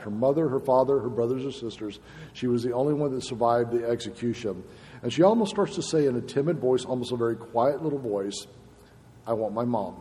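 A man's voice: medium pitch, mellow. A middle-aged man preaching a sermon as a pastor, emphatic and impassioned, with rising bursts of intensity. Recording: long reverb in a large hall, faint noise.

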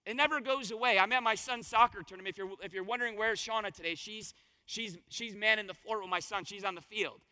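A man preaching a conversational sermon as pastor, his voice a little hoarse, telling stories and asking the congregation questions. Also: high-pitched, quick pace, bright, forceful tone, in a large hall. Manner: conversational, storytelling with rhetorical questions. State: slightly hoarse voice.

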